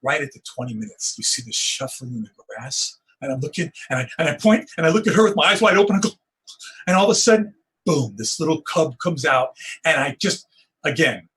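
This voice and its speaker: A middle-aged man tells a wildlife story in an interview, his voice strongly husky and breathy. He sits a little high in pitch for a man. His telling builds with excitement as he acts out each moment. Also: a little fast, low-quality recording. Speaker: wildlife photographer. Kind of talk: storytelling interview on a video call.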